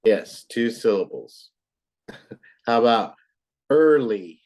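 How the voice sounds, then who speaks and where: A woman English tutor talks slowly and patiently to a young pupil. She repeats words carefully to model them and keeps her tone encouraging. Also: extremely low pitch, lively intonation, a little mellow. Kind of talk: online tutoring lesson.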